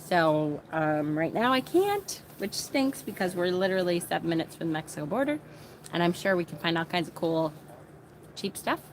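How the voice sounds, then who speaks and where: A woman's voice: mid-range voice, a little hiss or hum. A woman hosting a casual live stream from a small screened porch room. She chats in a rambling, upbeat way and greets her viewers by name.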